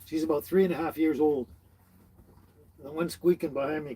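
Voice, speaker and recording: Hosting an informal livestream from a tiny house on wheels, a man says hi to viewers and reads their comments aloud, chuckling frequently and stumbling on names. He has a warm voice on the high side with fairly even intonation and a moderate pace, and there's a little hiss or hum in the audio.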